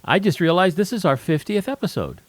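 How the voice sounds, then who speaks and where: A man's voice: high-pitched, expressive, a little fast, dry recording. A man co-hosting a true-crime podcast, chatty and casual, often repeating himself as he starts a thought. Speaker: podcast co-host.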